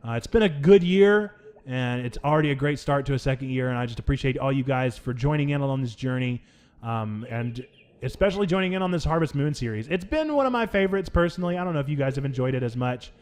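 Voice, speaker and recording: A young adult man hosting a let's play, talking over the game in playful mock outrage with big swings in pitch. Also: expressive, fast, darkish tone. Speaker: gaming channel host.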